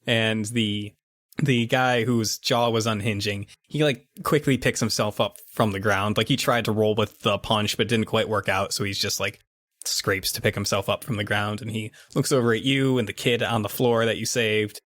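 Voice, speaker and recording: A man narrates a tabletop role-playing game as game master, relaxed and prompting with questions. His voice is dry and close to the mic. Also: on the low side, normal speed, no echo.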